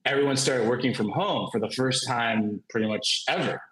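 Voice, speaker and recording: A man spins a casual story with lots of "like" and frequent laughter. His voice sits at a middle pitch. The room around him rings with a noticeable echo. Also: normal speed. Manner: animated storyteller, laughs often, many "like" fillers. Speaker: comic creator, panel guest. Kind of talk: casual anecdote on a virtual panel. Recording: roomy echo.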